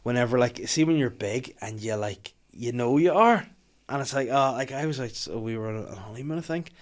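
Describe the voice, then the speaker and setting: A man's voice: mid-range voice, expressive, fairly quick. A man, hosting a casual podcast chat and telling rambling stories with plenty of swearing. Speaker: podcast host.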